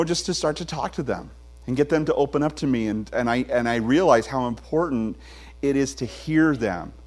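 A man in his forties preaches in a church, his mid-pitched voice turning animated as he tells stories. He mixes humor into his sermon. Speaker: pastor. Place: church sanctuary.

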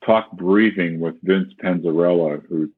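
A man's voice: low voice, a little slow, slightly rough, no room sound. A man, a flute teacher, explaining breathing in a casual conversation and demonstrating with sung syllables and quoted voices. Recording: tinny phone-like call audio.

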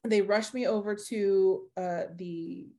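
A woman's voice: medium pitch, takes it slowly. Chatty woman telling a personal story. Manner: animated, laughs often while telling her story; chatty, with many fillers and acted-out quotes. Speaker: podcast guest.

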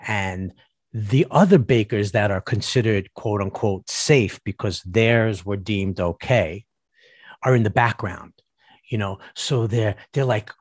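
A man's voice: on the low side, measured pace, no echo, clean studio sound. A man ranting to camera as a vlogger, sarcastic and mocking, often stumbling and repeating words. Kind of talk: ranting commentary.

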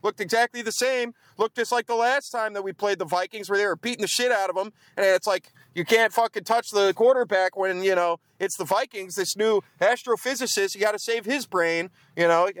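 Profane grumbling man, higher voice. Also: a little fast, few pauses, a bit bright, no echo. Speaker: fan vlogger. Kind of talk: ranting post-game chat. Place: outdoors in the cold.

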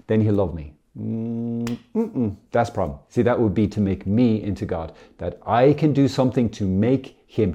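A man preaches in a casual, animated video sermon with playful asides. His voice sits a little low and sounds very dark and mellow, with a husky edge. He swings between loud emphatic bursts and soft, quiet stretches. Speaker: Catholic preacher.

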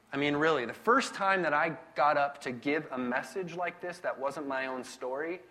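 A man giving a casual sermon, telling self-deprecating personal stories in a conversational, animated way. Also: mid-range voice. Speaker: pastor.

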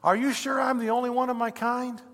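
A man's voice: very high-pitched, flat delivery, a little fast, a bit bright, long reverb tail, pitched above the performer's own voice. A man voicing a newly redeemed thief who asks wondering, bewildered questions.

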